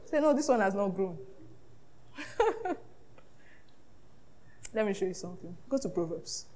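A woman pastor preaching a sermon, lively and often laughing, acting out the voices she quotes. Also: mid-range voice, a little slow, slight background noise.

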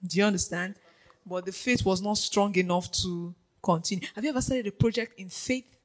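A preacher giving a lively sermon, dropping to a hush and then rising to shouts, laughing often and checking in with the congregation. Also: medium pitch, brisk, poor audio. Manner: animated, swings from hushed to shouting, laughs often; keeps checking in with the audience.

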